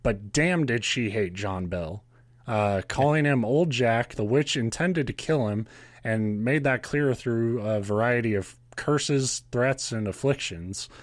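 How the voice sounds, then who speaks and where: A man's voice: mid-range voice, slow, no room sound. Sarcastic, swearing male podcast host. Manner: sarcastic, profane, laughs often. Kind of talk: casual storytelling chat.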